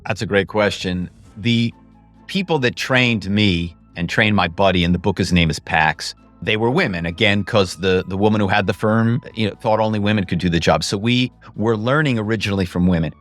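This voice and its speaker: A man telling stories as a podcast guest, lively and acting out phone calls in voices. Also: fairly low pitch, normal speed, faint music behind. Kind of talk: casual interview storytelling.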